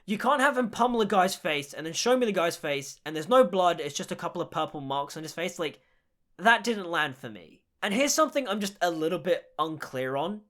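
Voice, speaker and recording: High-voiced young man rambling about a film. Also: brisk. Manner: animated, rambling, heavy on "like". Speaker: film reviewer. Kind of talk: casual film review.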